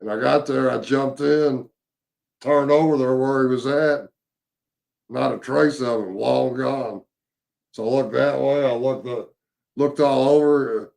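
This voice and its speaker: A man telling his own encounter story in a casual, halting way, with many fillers and restarts. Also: mid-range voice, fairly even intonation, creaky, a little mellow.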